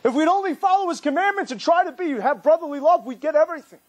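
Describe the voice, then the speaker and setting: A man with a high-pitched voice delivers a sermon-style talk as a rabbi. He drives points home through repetition and builds urgency line by line. His delivery is that of an animated storyteller. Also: fast talker, muffled recording.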